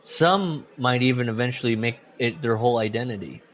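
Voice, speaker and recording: A man co-hosting a casual podcast, reading passages aloud and riffing on them. His voice sits mid-range but swings up sharply when he quotes people, lending his chat an animated, jumpy quality. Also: brisk, slight background noise. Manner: animated, jumps into loud high put-on voices when quoting. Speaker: podcast co-host.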